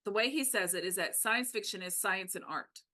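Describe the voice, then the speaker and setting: A woman co-hosting a podcast, talking casually and animatedly about a book, with quick asides. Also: medium pitch, sharp tone. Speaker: podcast co-host.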